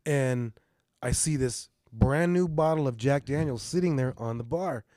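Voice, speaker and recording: Middle-aged man, podcast host, animated storytelling, swears a lot, dry close mic. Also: medium pitch, unhurried, no echo. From Mexican heritage. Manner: animated, swearing, frequent "you know what I mean". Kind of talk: casual storytelling.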